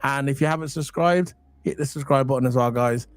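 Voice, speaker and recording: A man co-hosting a casual football podcast, excitable and chatty, full of slang. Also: mid-range voice, a little fast, no echo. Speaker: podcast co-host.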